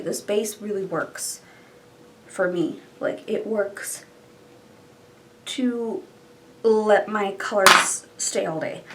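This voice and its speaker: A woman's voice: medium pitch, a bit bright, distant mic, a little hiss or hum, poor audio. A young woman chatting casually through a makeup tutorial, thinking aloud and trailing off. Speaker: beauty vlogger.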